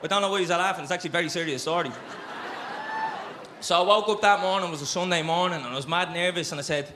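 A young Dublin man holds a live stage crowd with a brash, sweary story. His voice sits high and sounds bright and forceful. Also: fast, slight background noise. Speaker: live podcast co-host. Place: live venue before an audience.

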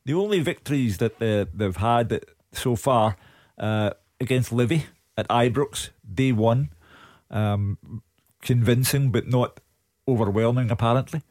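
Blunt radio pundit. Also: male voice, medium pitch, measured pace, darkish tone, no echo, clean studio sound. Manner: blunt, emphatic. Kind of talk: studio punditry. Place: radio studio.

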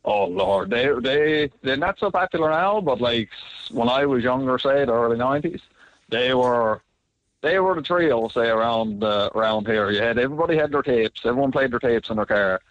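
A man's voice: mid-range voice, moderate pace, no echo, dull audio. A man with a southern Avalon Newfoundland accent chatting easily as a radio guest. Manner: easygoing, chatty. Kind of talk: casual interview chat.

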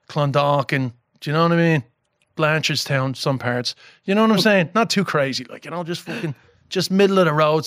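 Guest, man, strong New York accent, lively and profane, slightly high voice, close dry mic. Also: dry recording. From New York, Queens. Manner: animated, swears freely, acts out voices. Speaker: comedian guest. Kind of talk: casual podcast chat.

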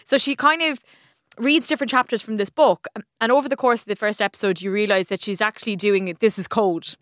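A woman's voice: mid-range voice, fast, fairly bright tone, dry recording, studio quality. An Irish woman chatting casually on the radio as a TV reviewer, laughing often and restarting her sentences. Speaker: TV and film reviewer.

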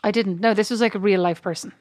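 A young woman co-hosts a podcast with her sister, trading sarcastic jabs in a casual back-and-forth. Her voice sits in a middle pitch. The recording is close and dry. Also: steady tone, fast talker, dry recording. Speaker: podcast co-host. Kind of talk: casual chat.

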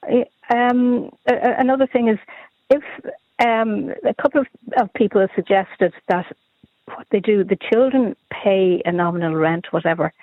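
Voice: mid-range voice, moderate pace, no room sound. Caller, hesitant and rambling, tinny phone line, dry sound. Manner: hesitant, rambling, many restarts. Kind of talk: phone-in chat.

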